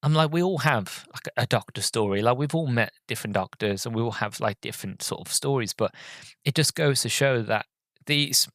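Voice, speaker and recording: Guy podcasting solo, mid-pitched voice, lots of ums and false starts, earnest fan, dry close sound. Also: normal speed, a bit bright, no echo. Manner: rambling, hesitant, full of ums and restarts; earnest, openly emotional fan. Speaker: podcast host. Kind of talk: casual storytelling review.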